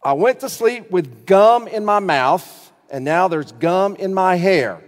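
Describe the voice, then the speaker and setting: A man reading aloud as a grumpy six-year-old boy having a terrible day, slow and sulky like a storybook. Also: high-pitched, expressive. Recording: long reverb of a large hall.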